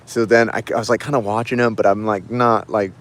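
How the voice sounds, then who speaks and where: Livestreaming from a city street, a man tells a story in a casual, rambling, excited way, heavy on fillers. His voice is fairly low and his pace brisk.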